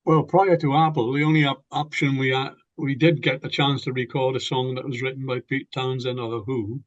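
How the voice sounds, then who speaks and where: A man's voice: medium pitch, flat delivery, fairly quick. An older British man, a former band member, reminiscing in an interview and often restarting his sentences with repeated words. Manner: rambling, repeats words when starting sentences. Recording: muffled, lo-fi.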